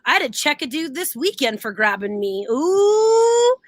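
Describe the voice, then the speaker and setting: A young woman co-hosting a casual live stream, telling animated stories and laughing often as she acts out what people said. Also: sits high, measured pace, dry recording. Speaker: co-host.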